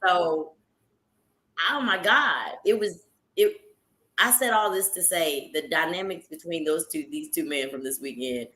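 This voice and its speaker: A woman hosting a live stream, telling her viewers a story in a casual, animated way, laughing often and calling them y'all. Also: low voice, unhurried, roomy sound.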